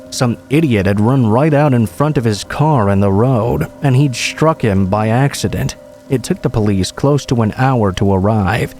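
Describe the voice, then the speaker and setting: A man reading true horror stories aloud as scripted narration, in a steady, measured way. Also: medium pitch.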